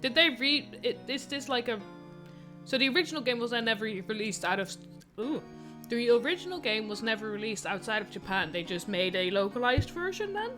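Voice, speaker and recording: A woman's voice: fairly high pitch, lively intonation, brisk. A woman streaming a game, reading the dialogue aloud in her own voice and chatting about the story. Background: faint game music.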